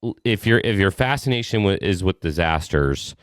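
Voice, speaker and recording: A man hosting a podcast, asking a long, halting question full of restarts. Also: sits low, expressive, clear, resonant tone, no echo, studio quality. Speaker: podcast host. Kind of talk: casual interview.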